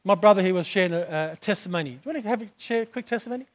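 Male preacher, high-pitched, emphatic church delivery. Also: very fast. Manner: emphatic, builds to loud high peaks. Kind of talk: sermon.

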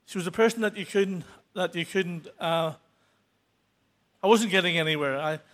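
Man, 60s, testimony at church, earnest and stumbling, higher voice. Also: fairly bright tone. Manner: halting, many restarts and fillers; earnest, grows emotional toward the end. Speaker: church member giving testimony. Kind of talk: unscripted testimony.

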